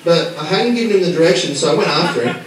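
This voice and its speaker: Casting note: high, lively Australian man, brash swearing comic working the room, distant and echoey with crowd noise. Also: racing. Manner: brash, sweary, teasing the audience. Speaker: stand-up comedian. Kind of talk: stand-up routine with crowd work. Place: small comedy bar. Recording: echoey club from far off, crowd laughter.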